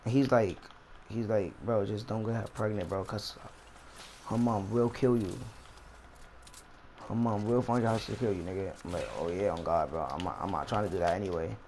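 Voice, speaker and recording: A young man tells a long, rambling story while he plays a game, full of slang and restarts. His voice sits fairly low. Faint background noise runs under the recording. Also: moderate pace, a little mellow. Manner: rambling, slangy, repeats himself. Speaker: vlogger. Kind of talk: casual storytime while gaming.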